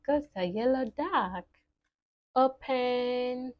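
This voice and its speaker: A young woman teaching toddlers, speaking slowly and cheerfully in an exaggerated sing-song and imitating animal sounds. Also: a little high, expressive. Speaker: children's teacher.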